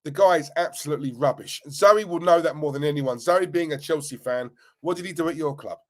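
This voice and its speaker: A middle-aged man, hosting a live football fan stream in an animated, slangy rant. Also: fairly high pitch, fairly quick. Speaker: fan channel host.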